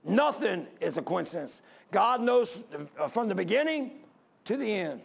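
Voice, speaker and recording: A man's voice: high-pitched, big pitch swings, measured pace, gravelly, breathy edge. A man preaching a sermon and telling a personal story, fervent and rising to emphatic pleas.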